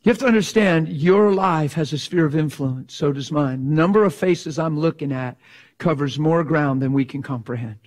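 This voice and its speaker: A middle-aged man preaching a sermon in a passionate, animated way, sometimes acting out voices for effect. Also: on the high side, normal speed.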